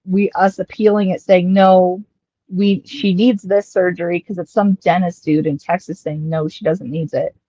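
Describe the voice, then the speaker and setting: A woman's voice: on the low side, moderate pace, no room sound, lo-fi sound. Chatty young woman telling a long story. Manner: chatty, rambling, quotes others in lively asides. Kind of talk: casual storytelling chat.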